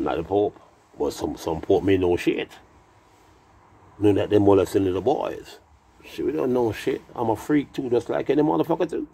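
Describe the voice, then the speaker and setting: A man's voice: fairly low pitch, creaky, mellow, husky. A man who has been drinking, rambling through a profane, meandering monologue full of wordplay. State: tipsy from drinking.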